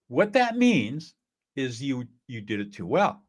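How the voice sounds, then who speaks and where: A man's voice: mid-range voice, sing-song, unhurried. A middle-aged man teaches in an earnest, coaching way and acts out short example dialogues. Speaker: conflict-resolution teacher. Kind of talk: instructional talk.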